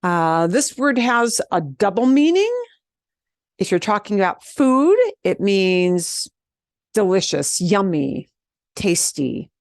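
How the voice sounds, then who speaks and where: A woman's voice: medium pitch, big pitch swings, takes it slowly, no echo, studio quality. A woman from the teaching a beginner Spanish lesson, patiently repeating words and drilling the trilled R. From American Southwest.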